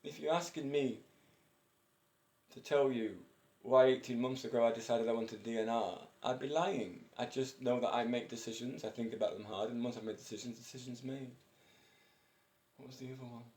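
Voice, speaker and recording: A man's voice: medium pitch, steady tone, normal speed, darkish tone. A breathless man in his fifties, chatting in a rambling, eccentric way and chuckling often as he talks to camera. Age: 50s. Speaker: vlogger. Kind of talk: casual personal monologue. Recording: roomy echo.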